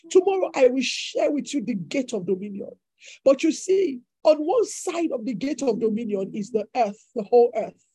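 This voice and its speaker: Husky, high-voiced woman preaching fervently. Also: warm tone, dry recording, poor audio. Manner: fervent, repetitive declarations. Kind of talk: sermon.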